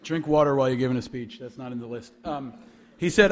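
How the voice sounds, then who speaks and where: A man's voice: medium pitch, a little fast, sharp tone. A man in his forties from New York giving a speech to students, telling a story with humor and playing both voices of a phone call. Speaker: alumnus speaker.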